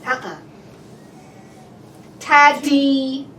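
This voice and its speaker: A woman working as a speech therapist in a playful session with a young child. She models words slowly and one at a time, then bursts into cheers and sound effects. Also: sits high, flat delivery, fairly bright tone. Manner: slow, deliberate word-by-word modeling. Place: indoor therapy room. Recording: roomy and distant.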